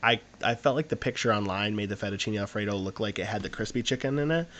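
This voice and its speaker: A young man tells a meandering story on a podcast. His voice sits a little low, and he piles on fillers as he talks in a loose, chatty way. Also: quick pace. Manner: rambling, animated anecdote with frequent fillers. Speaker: podcast co-host. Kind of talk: casual storytelling chat.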